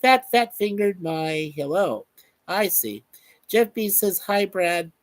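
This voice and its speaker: A man's voice: high-pitched, expressive, takes it slowly, no room sound. Chatty man reading live chat. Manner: reads viewer comments aloud, chatty and upbeat. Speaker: show host. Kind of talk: casual live-stream chat.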